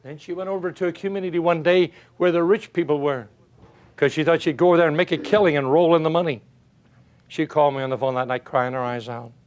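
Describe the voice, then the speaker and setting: High-pitched guy telling stories, keeps firing questions at the crowd. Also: fairly even intonation, fast. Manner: emphatic, rhetorical questions, storytelling. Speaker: motivational speaker. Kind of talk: folksy motivational speech.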